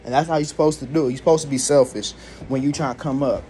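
A man's voice: medium pitch, fairly even intonation, quick pace, warm tone, slight background noise. A young man venting in a casual, rambling monologue, swearing freely and sounding fed up. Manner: profane, rambling, exasperated. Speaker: vlogger.

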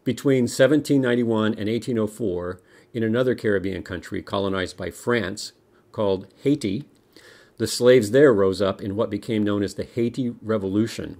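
A middle-aged man from the United States giving a history lesson to children, explaining lively and dropping small jokes. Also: on the low side, moderate pace. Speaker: music teacher.

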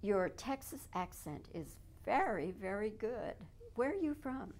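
A woman's voice: medium pitch, sing-song, unhurried. A woman interviewing an actress, chuckling and asking friendly questions. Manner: warm, chuckling, complimentary questions. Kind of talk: casual interview.

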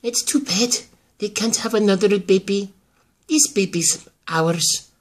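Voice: mid-range voice, unhurried, close to an everyday voice. A performer voicing a scheming older woman who is obsessed with her daughter and grandson, in amateur soap-opera acting. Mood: gloating. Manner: haughty, gloating, pleading in turns.

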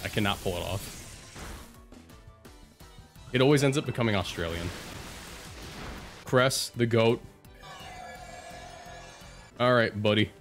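A man giving jokey, excitable live commentary over his own gameplay, talking back at his opponents. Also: lowish voice. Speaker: video game streamer.

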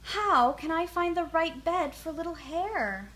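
A gentle mother hare frets over her baby, her questions pitched high and pleading, as a woman reads her aloud. A storybook animal voice, anxious throughout. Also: normal speed, slight background noise, close to an everyday voice. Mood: worried.

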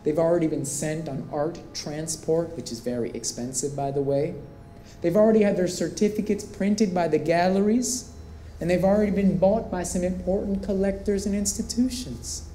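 A man performing a theatrical storytelling monologue, animated and swinging between hushed and excited tones. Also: high-pitched, normal speed, soft background music. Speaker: performance artist. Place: performance space with live visitors. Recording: roomy echo.

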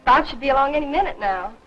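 An actress playing a sweet, eager young newlywed wife in a 1940s film, talking in a gushing, affectionate way. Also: female voice, high voice, animated, fairly quick, soft background music. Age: young adult. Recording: dull old film soundtrack, faint hiss.

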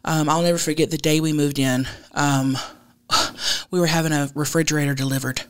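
A woman co-hosting a podcast, telling stories in a lively, animated way with casual swearing and plenty of "dude". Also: sits low, normal speed. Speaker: podcast co-host. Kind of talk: casual chat.

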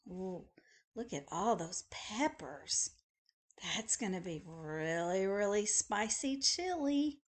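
A woman librarian reading a picture book aloud to young children in a gentle, friendly way. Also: medium pitch, animated, takes it slowly. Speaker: school librarian. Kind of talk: children's story read-aloud.

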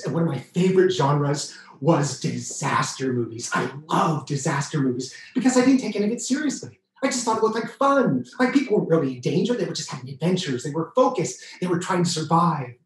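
Guy doing a comic solo show, big excited storytelling, bit of room echo. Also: brisk, few pauses. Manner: exuberant, audience participation, sudden high yelps. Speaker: solo performer.

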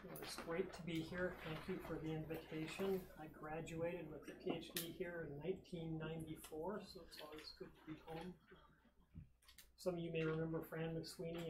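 A man, a research professor, giving a friendly, conversational lecture with slides, walking around as he speaks. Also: on the high side. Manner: friendly, conversational, some hesitations. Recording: echoey hall, audible background noise.

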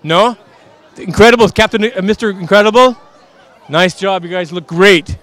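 At an outdoor Halloween parade, a street interviewer plays a Transylvanian count who insists he's a businessman, reassuring children playfully in broken English. His voice sits high and fairly bright at a moderate pace, with some chatter behind him.

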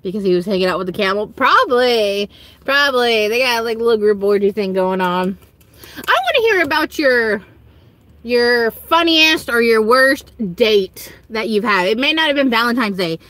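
Young Southern woman streaming from home, with a high, bouncy voice that swoops way up into squeals when she acts out stories. Giggly and loud, talking straight to her chat over a webcam mic. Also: animated, normal speed. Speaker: livestream host. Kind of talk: casual livestream chat.

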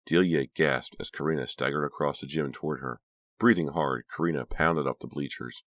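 A man narrating an audiobook in a steady, dramatic reading voice. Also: extremely low pitch, moderate pace, no room sound. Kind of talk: scripted narration.

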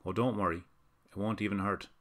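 A man voicing a sly, cruel male hell creature in a horror story reading, with a raspy, dry voice and a mocking croon. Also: fairly low pitch, steady tone, fairly quick, a bit bright. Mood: menacing.

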